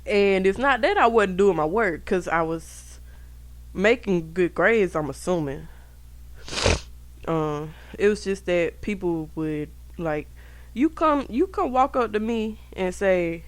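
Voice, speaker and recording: A young woman hosting a podcast, telling stories from her school years in a casual, profane, animated way, talking straight to her listeners. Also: medium pitch, slow, no echo. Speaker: podcast host. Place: indoors at home.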